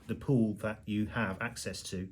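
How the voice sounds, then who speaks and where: A man in his forties in casual podcast chat, talking in a measured way with many ums. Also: lowish voice, steady tone. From England. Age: 40s. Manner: measured, with frequent ums and fillers.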